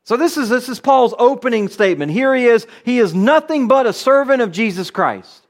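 A man's voice: extremely high pitch, animated, moderate pace. A man preaching a conversational sermon, reading scripture aloud and explaining it. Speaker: pastor.

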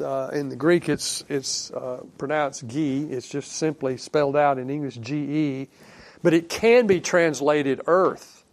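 Guy preaching a sermon, chatty and loose, lots of uh's and restarts, goes soft when he quotes scripture. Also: a little high, a little slow. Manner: conversational, thinking aloud with fillers and restarts; quotes scripture in a softer, dropping voice.

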